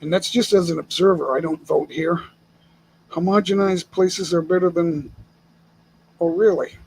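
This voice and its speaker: A man's voice: high-pitched, fairly even intonation, moderate pace, vocal fry, a little mellow, a little hiss or hum, rough recording. An older man from the United States hosting a casual live stream chat from home, speaking bluntly and with opinions, chuckling often.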